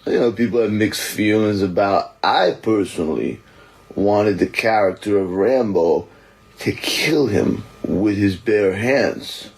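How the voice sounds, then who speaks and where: Guy putting on a low gruff old action-hero voice, slow mumbly deadpan rambling. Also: low-quality recording. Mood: deadpan boastful. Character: impression of a gruff aging male action-movie star. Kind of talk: comic impression.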